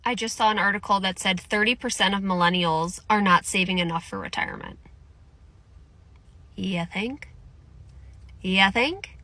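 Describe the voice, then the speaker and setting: A woman's voice: medium pitch, animated, fast talker, hardly any pauses, bright, forceful tone, slight background noise. A woman ranting in a sarcastic, exasperated tone. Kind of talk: sarcastic rant.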